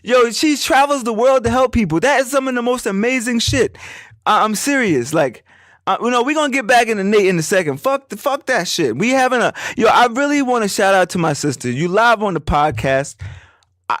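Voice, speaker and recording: A young man hosts a casual solo podcast and talks in a high voice that swoops up and down as he tells a story. He rambles, swears freely and acts out his friends' lines. The sound is dry and close. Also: animated, fairly quick, a bit bright, dry recording. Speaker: podcast host.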